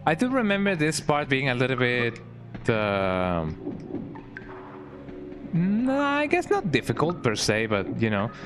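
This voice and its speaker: A mid-range male voice with huge pitch swings, a little slow and pausing often, belongs to a gaming streamer. He rambles through casual let's play commentary, tagging lines with "eh?", as game music plays in the background.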